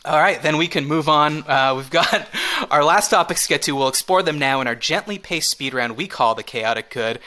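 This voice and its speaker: A man's voice: fairly high pitch, normal speed, hardly any pauses, sharp tone. A man hosting a comedy podcast, talking in a playful, giggly, rambling way. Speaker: podcast host.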